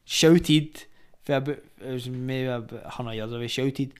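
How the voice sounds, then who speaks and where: A man's voice: medium pitch, moderate pace, clear, resonant tone. A Scottish man with a Glaswegian accent, a retired boxer telling stories with lots of swearing, acting out the voices and laughing often. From Scotland. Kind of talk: casual storytelling with heavy swearing.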